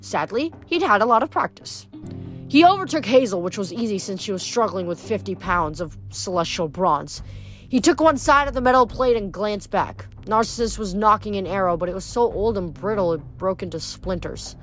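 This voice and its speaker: A woman reading a novel aloud, expressive, sometimes stumbling and correcting herself. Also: mid-range voice, moderate pace, faint music behind. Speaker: reader.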